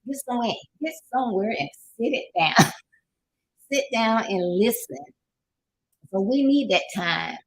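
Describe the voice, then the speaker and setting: A woman's voice: fairly high pitch, expressive, unhurried, long pauses, slight background noise, poor audio. An older woman with a Southern US accent, hosting a casual motivational talk, folksy and preachy, sometimes laughing as she talks. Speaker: life coach host.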